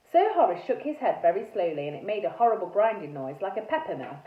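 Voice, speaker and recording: A woman teacher with an English accent, reading a children's story aloud with expressive narration, heard in a tinny, echoey recording. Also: on the low side, a little fast, hardly any pauses, far from the mic. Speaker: primary school teacher. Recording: tinny phone-like sound in echoey room.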